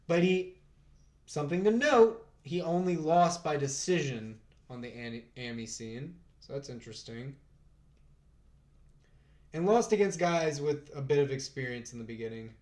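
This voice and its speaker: A man hosting a casual live fight stream, chatting with his viewers, thinking out loud and laughing often. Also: medium pitch.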